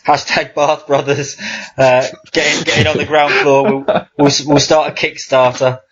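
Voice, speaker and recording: A man's voice: on the high side, flat delivery, normal speed, lo-fi sound, crowd noise. A man co-hosting a casual podcast, chatting with wry, dry jokes. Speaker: podcast co-host. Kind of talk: casual chat.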